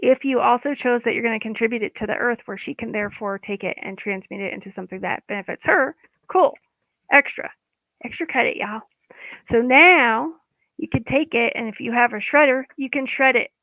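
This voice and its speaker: A woman's voice: fairly high pitch, fairly quick, sharp tone, no room sound. A woman giving a casual, guided self-help talk as an EFT coach, informal and chatty, sometimes losing her words. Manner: chatty, informal, loses words mid-sentence. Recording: dry, phone-like line.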